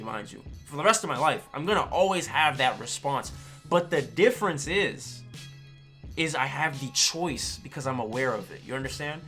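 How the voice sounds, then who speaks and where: A man chatting casually on a stream, telling a story in an animated way with slang and swearing and often checking in with his listeners. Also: mid-range voice. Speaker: streamer and fighting game player. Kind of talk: casual chat.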